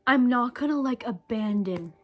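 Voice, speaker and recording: A woman's voice: fairly high pitch, expressive, moderate pace, faint music behind. Emotional young woman musing to camera. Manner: rambling, emotional, sometimes drops to a whisper; chewing candy while talking. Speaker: vlogger. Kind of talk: casual reflective monologue.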